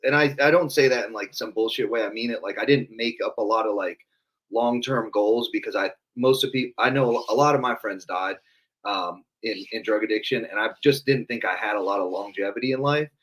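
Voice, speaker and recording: A man's voice: on the low side, fairly quick, fairly bright tone, far from the mic. A man speaking earnestly and candidly in a casual podcast conversation.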